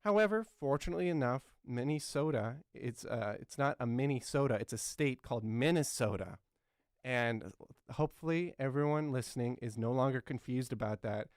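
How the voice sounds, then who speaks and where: A man's voice: mid-range voice, animated, normal speed, clear, resonant tone, no room sound, clean studio sound, natural voice. A man in his twenties playing an earnest, clueless talk show host who rambles and fills his talk with ums and uhs. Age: 20s. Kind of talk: satirical talk show comedy.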